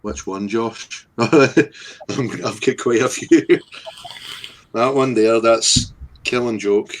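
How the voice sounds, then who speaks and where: A man's voice: mid-range voice, fairly even intonation, slow, a little hiss or hum, poor audio. A man chatting casually on a podcast, laughing and swearing in banter. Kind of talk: casual chat.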